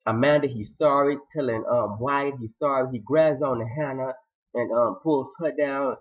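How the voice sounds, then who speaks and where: Animated man recapping TV drama. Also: medium pitch, moderate pace. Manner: animated, slangy, dramatic retelling. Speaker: TV recap vlogger. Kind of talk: casual TV episode recap. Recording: slightly dull lo-fi audio.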